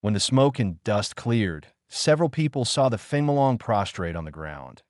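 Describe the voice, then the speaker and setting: Lively low-voiced male audiobook narrator. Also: moderate pace, dry recording, studio quality. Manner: reads all characters in one voice with few changes. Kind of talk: scripted narration.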